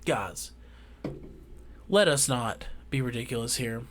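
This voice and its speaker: A man with a drawl delivering a heated, profane ranting monologue as a vlogger, swinging between loud outbursts and quiet asides. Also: medium pitch, animated, slow pace.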